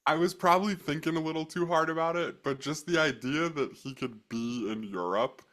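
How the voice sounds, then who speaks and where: Animated young podcast co-host. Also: male voice, fairly high pitch, fairly quick. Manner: animated, mimics quotes, trails off with hedges. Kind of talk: casual movie review chat.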